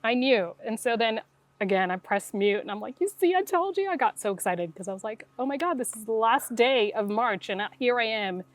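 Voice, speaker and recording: In conversation, a middle-aged woman who is a guest intuitive relates her story at a normal speed with a mid-range voice and no echo. Her delivery is animated, and she performs the voices of those she describes.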